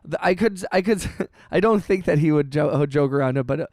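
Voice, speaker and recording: A man streaming music production, chatting casually with his chat, halting and heartfelt, often restarting and swearing with lots of "bro" and "dude". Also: on the high side, darkish tone, no echo, studio quality. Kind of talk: casual livestream chat, reading chat messages.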